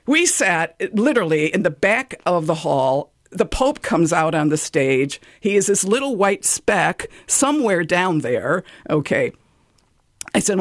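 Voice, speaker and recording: A woman guest telling a personal story on a talk show, animated and quoting herself often. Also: lowish voice, measured pace, no echo, clean studio sound. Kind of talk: casual anecdote on talk radio.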